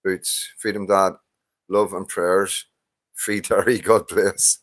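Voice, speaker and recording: A man's voice: sits low, level tone, slow, a bit bright, no room sound. A tired Northern Irish man in his fifties hosting a casual live stream, chatting, laughing and greeting viewers by name. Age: 50s. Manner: chatty, swears, laughs often, reads out names. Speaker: livestream host.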